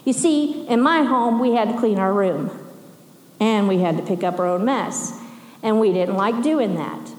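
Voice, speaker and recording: A middle-aged woman preaching a sermon in a conversational way, with animated asides and laughs. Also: mid-range voice, a little slow. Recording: echoey hall with long reverb.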